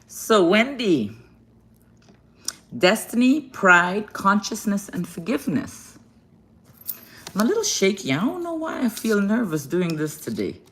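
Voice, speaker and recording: A woman's voice: mid-range voice, very animated, a little slow, long pauses. A woman giving an affectionate live-stream card reading from a hotel room, greeting viewers as darling and baby and laughing often. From Guyana.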